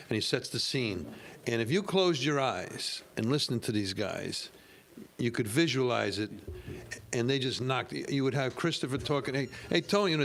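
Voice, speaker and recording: Relaxed older man reminiscing. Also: mid-range voice. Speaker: actor guest. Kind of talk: casual reminiscing.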